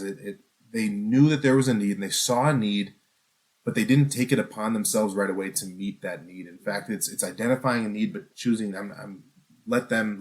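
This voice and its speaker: Earnest male preacher, conversational. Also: on the low side. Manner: earnest, conversational, with frequent restarts and rhetorical questions. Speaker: pastor. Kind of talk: sermon.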